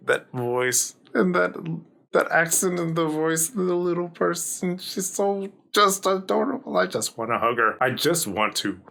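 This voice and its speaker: A man's voice: on the high side, lively intonation, unhurried, creaky, sharp tone. A man hosting a reaction video, chatting casually and jokingly as he comments. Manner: chatty, jokey, laughs often.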